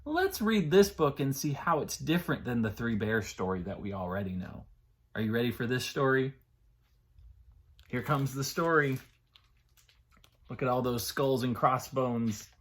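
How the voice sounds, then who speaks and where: Animated man reading to preschoolers. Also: medium pitch, unhurried, long pauses. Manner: animated, sing-song reading to small children. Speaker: children's librarian. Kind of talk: preschool story time reading.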